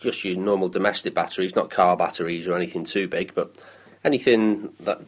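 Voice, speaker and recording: A man's voice: low voice, fairly even intonation, a little fast, rough recording. A man in his thirties from the UK, chatting on a local show about council recycling with many ums and restarts. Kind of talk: casual radio chat.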